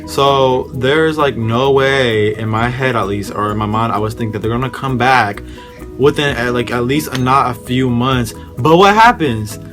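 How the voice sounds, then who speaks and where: A man's voice: mid-range voice, moderate pace, over music. A young man telling a story in a casual vlog, rambling and slangy as he talks straight to his viewers. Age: young adult.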